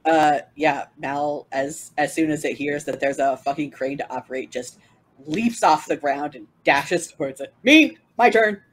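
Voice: medium pitch, steady tone, normal speed, poor audio. An eager player in a tabletop role-playing game, talking casually and swearing freely.

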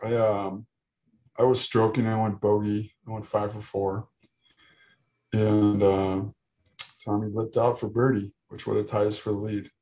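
A man co-hosting a casual podcast, chatting in a relaxed, joking way. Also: lowish voice, unhurried, rough recording. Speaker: podcast co-host. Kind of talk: casual chat.

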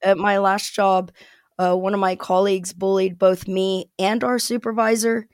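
A woman's voice: medium pitch, little pitch movement, normal speed, a little mellow, dry recording. Chatty American woman, dry sound. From United States. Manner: chatty, rambling, with frequent fillers and laughs. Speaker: podcast guest. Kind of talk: casual interview chat.

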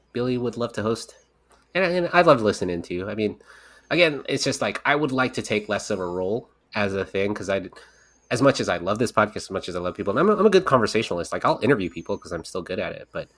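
A man's voice: on the low side, fairly bright tone. A man co-hosting a casual podcast, talking in a rambling, candid way with casual swearing. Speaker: podcast co-creator and host.

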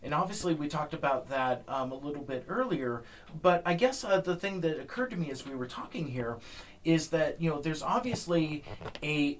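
Male podcast host, casual and halting, mid-pitched, faint noise behind. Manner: hesitant, restarts often. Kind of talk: casual interview.

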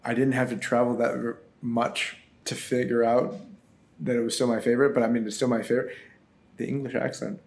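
A man's voice: mid-range voice, level tone, brisk, vocal fry, darkish tone. A man guest on a podcast, answering earnestly and reflectively and repeating words as he works out his thoughts. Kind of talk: casual interview answers.

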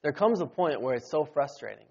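A man preaching with a slightly high voice, dropping to a murmured amen and climbing to forceful shouts for scripture. The recording is dull and lo-fi, like a church sermon tape. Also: expressive, brisk, creaky, husky. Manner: preaching with call-and-response amens, rising to shouts on quotes. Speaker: pastor.

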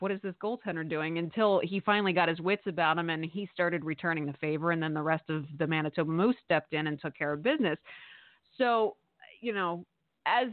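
A woman's voice: on the low side, no echo. A woman co-hosting a sports radio podcast, talking in a chatty, amused way with many fillers. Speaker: podcast co-host. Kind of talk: casual sports radio commentary. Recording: tinny phone-like line, dry.

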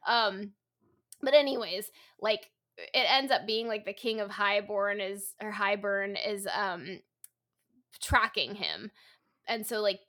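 A young adult woman co-hosting a podcast, chatting loosely with many fillers. Her voice is bright and forceful at a middle pitch. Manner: chatty, full of fillers like "like" and "you know". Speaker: podcast co-host. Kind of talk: casual book discussion.

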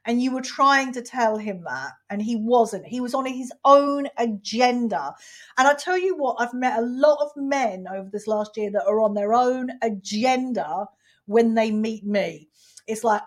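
A woman's voice: on the high side, a little slow. Frank, candid woman in her fifties. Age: 50s. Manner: frank and expressive, swears freely, acts out quoted exchanges. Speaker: podcast host. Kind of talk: candid personal storytelling.

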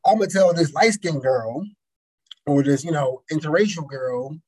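Husky-voiced man, blunt and animated. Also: fairly high pitch, moderate pace, low-quality recording. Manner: blunt, profane, animated storytelling. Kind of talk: casual chat.

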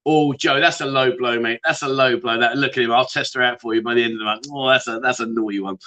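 A man's voice: mid-range voice, fairly even intonation, quick pace, bright, forceful tone. A middle-aged man hosting a casual livestream, reading out viewer comments and bantering with them in a chatty, jokey way. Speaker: livestream host.

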